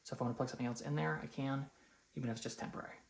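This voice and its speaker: Young man, casual home vlogger, rambling and chatty, mid-pitched everyday voice. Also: fairly even intonation, very fast, vocal fry, echoey room. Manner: rambling, chatty, filler-heavy. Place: home, rooms and stairs.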